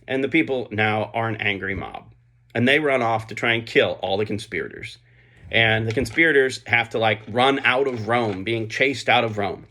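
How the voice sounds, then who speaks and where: A man's voice: on the low side, normal speed, pushed and bright. A man retelling a play's plot in a casual spoken summary, chatty, with frequent fillers and asides.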